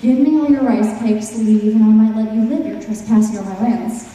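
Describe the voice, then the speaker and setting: A woman's voice: on the high side, steady tone, normal speed, dark tone, close to an everyday voice. Woman playing a huge threatening dog. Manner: threatening, bossy. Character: huge growling male dog, greedy and threatening. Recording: echoey hall from far off.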